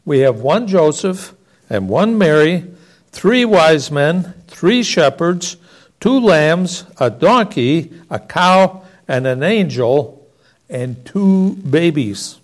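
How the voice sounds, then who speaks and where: A man's voice: a little high, big pitch swings, slow. A man voicing a flustered, fussy mother who gives instructions, in a storytelling reading. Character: worried flustered mother, middle-aged.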